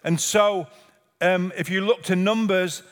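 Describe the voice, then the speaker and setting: A man's voice: sits high, fairly even intonation, a little slow. A man pastor giving a sermon in a church, earnest and repetitive, driving points home with rhetorical questions. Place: church sanctuary. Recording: reverberant church hall.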